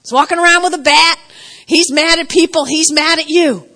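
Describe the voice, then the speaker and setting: A woman pastor preaching a sermon, telling stories with animated, laughing delivery. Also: high voice, normal speed.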